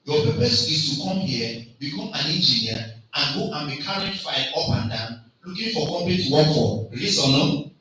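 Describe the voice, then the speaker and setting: Loud emphatic man speaking in an echoey hall. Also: fairly high pitch, animated, moderate pace. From Africa. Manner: loud, emphatic, call-and-response questions. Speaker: conference speaker. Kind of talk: motivational lecture. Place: large lecture hall. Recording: echoey hall, mic far off, faint noise.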